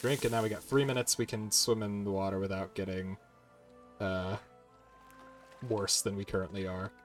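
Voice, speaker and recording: A man's voice: on the low side, fairly even intonation, moderate pace, faint music behind. A man giving casual gameplay commentary as host, chatty and laughing, swearing now and then as he plays. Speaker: gaming channel host.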